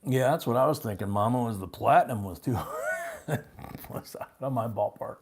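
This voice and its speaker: An older man hosting a live coin auction stream, chatting casually and rambling with chuckles between bid calls. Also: medium pitch. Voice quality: gravelly and husky. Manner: rambling, chuckling, calls bids in a louder slow drawl.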